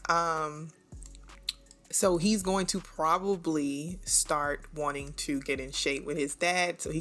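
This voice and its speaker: Woman host, unhurried casual game commentary, easy laughter. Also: low-pitched, a bit bright. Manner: chatty, laughs often, talks to viewers as y'all. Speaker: gaming channel host. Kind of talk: casual let's-play commentary.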